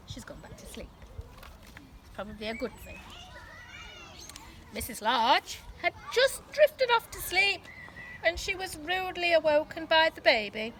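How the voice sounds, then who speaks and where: A woman teacher reads a children's story aloud. Her voice is high and bright, and she rises and falls expressively. She stops now and then to ask the children questions. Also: slight background noise, poor audio. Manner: expressive, asks listeners questions.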